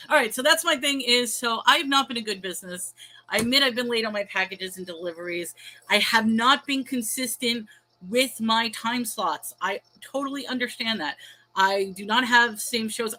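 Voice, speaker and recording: A woman's voice: a little high, bright, forceful tone, poor audio. A middle-aged woman hosting a casual livestream, rambling and self-deprecating, reading viewer chat aloud and laughing often between thoughts. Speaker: livestream host and small online seller. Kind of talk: casual confessional livestream rant.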